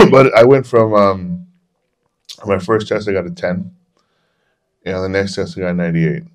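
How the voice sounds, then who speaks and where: A man's voice: low voice, fairly even intonation, normal speed, fairly bright tone. A man in his forties hosting a podcast, who tells candid, rambling personal stories and swears freely. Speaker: podcast host. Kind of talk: casual storytelling chat.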